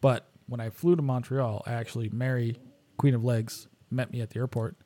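A man's voice: medium pitch, steady tone, brisk, mellow. A man co-hosting a podcast in casual chat, joking and laughing often. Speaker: podcast co-host.

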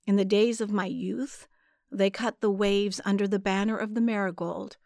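A woman narrating a story in a measured, deliberate way. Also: medium pitch, fairly even intonation, darkish tone, dry recording, clean studio sound. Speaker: audiobook narrator.

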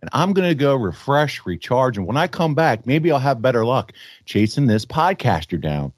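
A man hosting a podcast in casual chat, upbeat and quick to laugh, his voice a bit froggy this early in the morning. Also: medium pitch, very animated, husky, no echo, studio quality. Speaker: podcast host.

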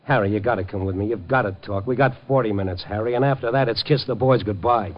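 A man's voice: lowish voice, quick pace. Man, hard-boiled reporter narrator, urgent clipped delivery, dull old radio sound, faint music. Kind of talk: 1950s radio drama narration.

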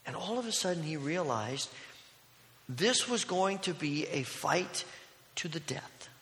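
A man preaching a sermon as a pastor, telling a story that moves between loud, urgent passages and hushed ones. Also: fairly high pitch, animated, a little slow, creaky. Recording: long reverb of a large hall.

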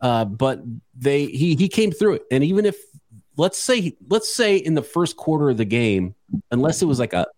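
A man's voice: fairly high pitch, big pitch swings, moderate pace, darkish tone, no room sound, clean studio sound. A man hosting a sports podcast, talking bluntly and chattily with frequent restarts. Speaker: podcast host. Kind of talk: casual sports chat.

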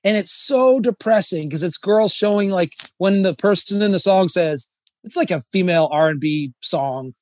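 A man talking as a comedian guest on a podcast, rambling and swearing, breaking into high sung bits. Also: normal speed, no echo. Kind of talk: casual podcast chat.

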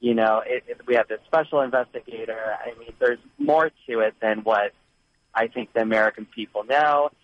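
A man's voice: mid-range voice, fairly even intonation, normal speed, no room sound. Earnest man calling in on a muffled line. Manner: earnest, rambling. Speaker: caller. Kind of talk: phone-in call. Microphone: phone line.

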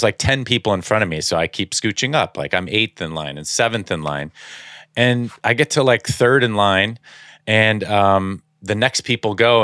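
A man co-hosting a podcast in casual chat, telling animated stories and jumping into high voices to act out other people. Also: dry recording, studio quality. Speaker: podcast co-host.

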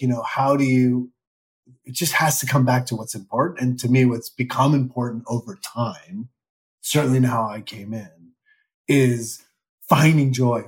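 Candid rambling man in his fifties. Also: mid-range voice. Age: 50s. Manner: candid, rambling, self-deprecating. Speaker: actor guest. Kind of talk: casual interview chat.

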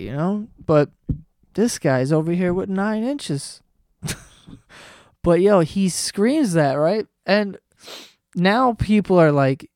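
A man hosting a comedy podcast, telling a story in a casual, excitable way, swearing often and breaking into laughter. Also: fairly high pitch, smooth, no room sound, clean studio sound.

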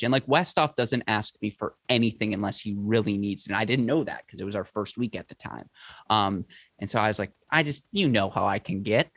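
A man's voice: on the low side, brisk, fairly bright tone, no echo. A man hosting a casual late-night podcast over a remote call, telling stories animatedly and laughing often. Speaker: podcast host.

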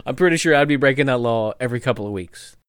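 A man co-hosting a casual chat, animated and laughing often. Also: mid-range voice, fast, smooth.

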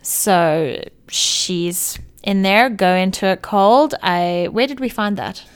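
Female podcast co-host, casual film chat, playful and teasing, mid pitch. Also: slow pace, clear, resonant tone.

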